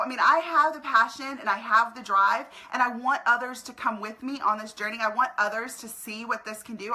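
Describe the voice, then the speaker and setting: A woman's voice: medium pitch, sharp tone, rough recording. A woman speaking straight to her camera, giving an earnest, emotional motivational pep talk while recruiting people to her team. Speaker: network marketing recruiter. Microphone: camera in front of her.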